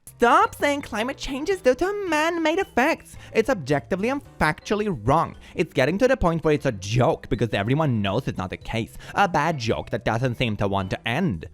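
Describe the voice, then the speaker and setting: A smug, overconfident know-it-all commenter, as a man puts him on, talking down to everyone. The voice swoops wildly up and down in pitch over faint background music. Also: very animated, normal speed. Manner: condescending, overconfident.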